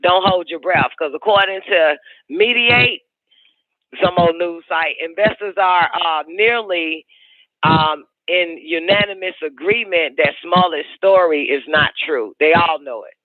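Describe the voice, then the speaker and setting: A man hosting a radio talk show, telling crude, profane stories in an animated way over a tinny phone-line broadcast. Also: on the high side, unhurried, dry recording.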